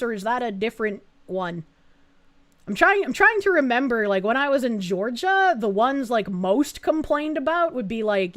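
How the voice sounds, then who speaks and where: A young woman streamer chatting casually, reading viewer messages aloud and answering them. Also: fairly high pitch. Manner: chatty, reads messages aloud, frequent fillers and laughs. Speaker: streamer reading chat donations. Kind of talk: casual livestream chat.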